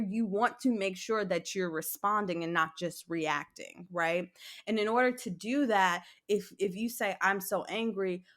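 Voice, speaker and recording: A woman guest psychologist explaining ideas step by step in a conversational interview, animated when acting out examples. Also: mid-range voice. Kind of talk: conversational advice.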